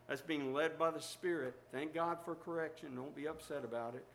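A man preaching a sermon, telling a story with animated exhortations to his listeners. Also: fairly high pitch, normal speed, vocal fry, slight background noise.

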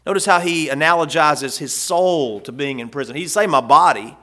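A man's voice: on the high side, brisk, pushed and bright. A man preaching a sermon in a folksy way, rising and swelling when he reads scripture aloud. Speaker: pastor.

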